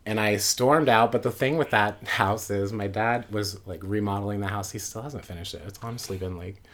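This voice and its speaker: A man's voice: on the low side, fairly quick, few pauses, fairly bright tone. A man in his late twenties casually telling a personal story, rambling with lots of asides. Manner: rambling, full of fillers and asides. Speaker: guest storyteller.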